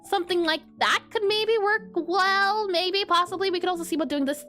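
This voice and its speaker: A woman's voice: very high-pitched, brisk, sharp tone, soft background music. A woman streamer thinking aloud and chatting in a giggly way while she draws pixel art. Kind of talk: casual live-stream drawing commentary.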